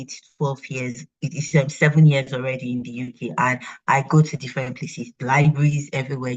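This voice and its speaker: A woman from Nigeria, hosting a workshop in a lively, chatty interview manner and asking her guest questions. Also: rumbling low. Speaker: workshop host. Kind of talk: conversational interview. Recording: slightly dull, muffled audio.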